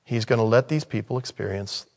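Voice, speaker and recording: A man preaching a sermon in a conversational way, with sudden loud, high-pitched bursts of emphasis. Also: fairly quick, gravelly. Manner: conversational, thinking aloud. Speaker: pastor.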